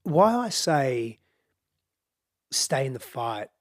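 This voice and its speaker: A man's voice: mid-range voice, big pitch swings, very slow. Earnest, emphatic male podcast guest. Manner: earnest, emphatic, repeats phrases for stress. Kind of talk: reflective conversational explaining.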